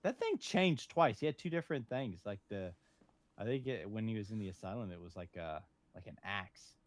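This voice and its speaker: A man co-hosting a casual podcast chat, joking and playful with animated asides. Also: lowish voice, brisk, no echo. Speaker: podcast co-host.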